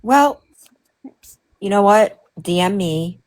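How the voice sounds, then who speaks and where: A woman's voice: mid-range voice, lively intonation, slow pace. A woman guest on a live stream, speaking in a soothing, sympathetic way. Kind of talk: casual chat.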